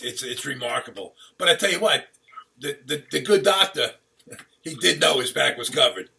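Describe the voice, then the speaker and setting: A man's voice: medium pitch, expressive, moderate pace, creaky, pushed and bright. A man hosting an interview, asking questions and chiming in with short agreement. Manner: brief agreeing responses and questions. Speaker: interview host. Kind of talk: casual interview chat. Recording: roomy, distant from the mic.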